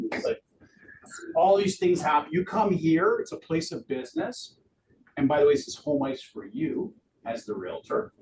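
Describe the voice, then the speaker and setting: A middle-aged man giving a lively live training talk to realtors in an office, acting out quotes in voices. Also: medium pitch. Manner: animated, acts out quotes in voices. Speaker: real estate trainer. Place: office meeting room. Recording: distant room mic with background noise.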